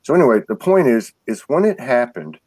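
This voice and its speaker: A man's voice: mid-range voice, sing-song, fairly quick, a little mellow, slightly rough, no echo. A man speaking as a guest in a casual spiritual conversation, telling stories earnestly with many restarts and repeated words. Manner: earnest storytelling.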